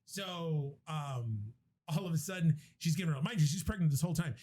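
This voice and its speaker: A brisk podcast host with a fairly high pitch and darkish tone chats casually through a movie's plot. He rambles, curses, and restarts as he tells it.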